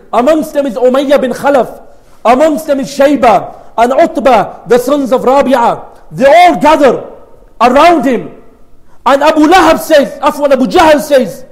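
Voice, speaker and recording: A man with a strikingly high voice gives a religious lecture. He tells the story with emphasis, swinging between loud outbursts and hushed asides. He sounds like a father in his thirties. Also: low-quality recording.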